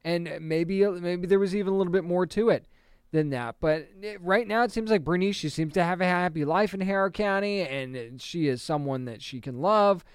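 A man's voice: sits high, normal speed, smooth, dry recording, studio quality. A man chatting casually and enthusiastically as he reviews comic books, often restarting his sentences and laughing a little.

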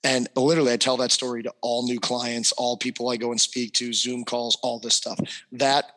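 A man's voice: medium pitch, little pitch movement, a little fast, pushed and bright. A young adult man and hockey trainer, co-hosting a podcast and telling a personal story animatedly, with many fillers. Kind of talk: casual storytelling.

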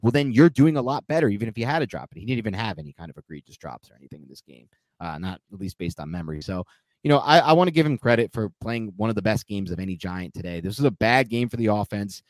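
A man co-hosting a casual sports podcast, quick and analytical, asking pointed questions. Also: fairly low pitch, animated, dry recording. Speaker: podcast co-host.

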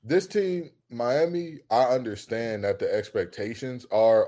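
A man co-hosting a casual sports debate show, arguing his points with heat and climbing into loud, emphatic rants. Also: mid-range voice, measured pace.

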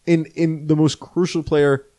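A man's voice: on the high side, flat delivery, a little slow, dark tone. A man co-hosting a casual sports podcast, earnest and strongly opinionated. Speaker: podcast co-host. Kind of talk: casual chat.

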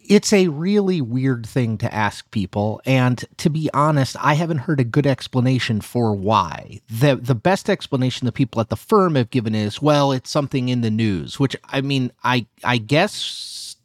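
A man, a journalist guest, explaining things in an animated, emphatic way and hedging with "you know.". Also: mid-range voice, moderate pace, few pauses, no echo, clean studio sound. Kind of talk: conversational explanation.

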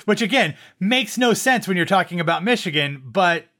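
A man co-hosting a podcast, with a fairly high and very bright, forceful voice. He chats casually, restarts his sentences often and trades jokes. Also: lively intonation, moderate pace. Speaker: podcast co-host. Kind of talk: casual chat.

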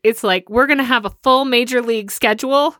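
A woman co-hosting a casual chat, talking lively and laughing often. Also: a little high, a little fast, dry recording. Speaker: podcast co-host.

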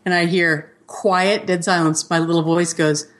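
A woman's voice: fairly low pitch, a little slow, noisy background. A woman co-hosting a parenting podcast, chatting casually and acting out the people in her stories. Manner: animated storyteller, acts out quotes. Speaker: podcast co-host. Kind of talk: casual chat.

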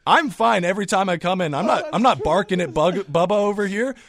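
A man's voice: high voice, animated, fast talker, fairly bright tone. A young man working as a radio show producer, defending himself in an exasperated way during on-air banter. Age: young adult.

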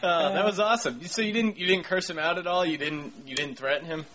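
A man from Pennsylvania hosting a podcast, telling stories in an animated way and laughing often. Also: fairly high pitch, quick pace, over a noisy crowd. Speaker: podcast host. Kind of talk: casual chat.

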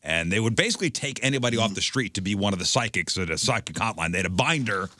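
Animated guy chatting on a radio show, bright tone, dry sound. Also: on the low side, fast, no echo. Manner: animated, recounts what he read and watched. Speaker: radio co-host. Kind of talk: casual chat.

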